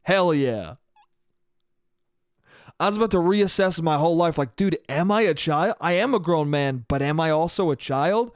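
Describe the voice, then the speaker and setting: A man's voice: fairly high pitch, animated, moderate pace, no room sound, clean studio sound. A young man hosting a solo comedy podcast, profane and rambling, often cutting himself off mid-sentence. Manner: profane, rambling, self-interrupting. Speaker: podcast host.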